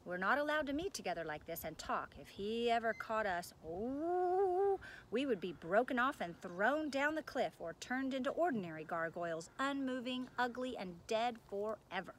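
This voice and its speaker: Woman reader doing scared male gargoyles, storybook creatures, moaning, hushed whispers. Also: fairly high pitch, lively intonation, moderate pace, hardly any pauses, slight background noise. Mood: mournful. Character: frightened stone gargoyle brothers, male.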